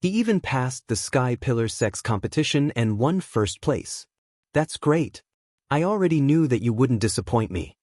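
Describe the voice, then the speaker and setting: A man voicing a calm, proud father and clan elder recovering from injuries, in an audiobook. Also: medium pitch, no room sound, clean studio sound. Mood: calm, gratified. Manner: calm and measured.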